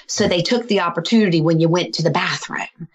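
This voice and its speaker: Low-voiced woman telling a heartfelt story. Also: fairly quick, breathy edge, lo-fi sound. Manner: earnest, animated, acts out quoted voices. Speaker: healer and guest storyteller. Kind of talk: personal storytelling in conversation.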